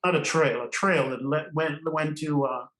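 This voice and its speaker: An older man from Trinidad, a podcast guest, telling stories in an animated way and laughing often between phrases. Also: on the high side, moderate pace, roomy sound, low-quality recording. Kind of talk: storytelling interview.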